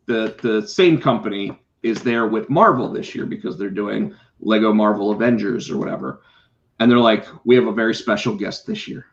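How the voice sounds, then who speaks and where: A middle-aged man, a podcast co-host and comic book artist, telling a story in casual chat, animated, swearing and acting out what people said. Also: on the low side. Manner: animated, swears, acts out quotes. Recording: slightly dull lo-fi sound.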